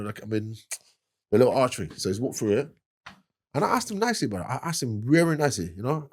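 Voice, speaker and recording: Podcast guest, London man, rapid husky delivery, lower voice, street slang storyteller. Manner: animated, laughing, fast street slang. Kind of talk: casual storytelling.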